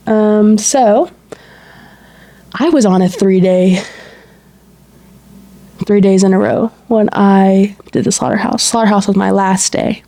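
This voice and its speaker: Woman on a podcast chatting away, mellow warm tone, acts out the convo bits. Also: mid-range voice, takes it slowly, long pauses. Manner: animated retelling with quoted dialogue and frequent "like". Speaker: podcast co-host. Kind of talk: casual storytelling chat.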